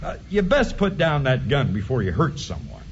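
An actor playing an indignant small-town sheriff with a blustering rural drawl, in a radio drama. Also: male voice, medium pitch, very animated, moderate pace, close to an everyday voice. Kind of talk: 1940s radio acting. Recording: dull lo-fi radio recording, faint hiss.

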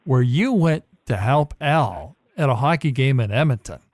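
A man's voice: mid-range voice, lively intonation, moderate pace, darkish tone, dry recording. A man hosting a podcast, interviewing a guest with short encouraging responses. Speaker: podcast host.

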